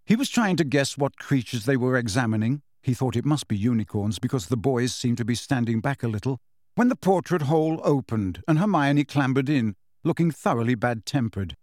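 An audiobook narrator, a man with a medium-pitched voice, reads a storybook in a steady, measured way. The sound is clean studio audio without any room sound.

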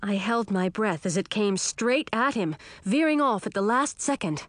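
A woman giving scripted first-person narration of a children's story in a clear, even storytelling manner. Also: medium pitch, moderate pace, no echo. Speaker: audiobook narrator.

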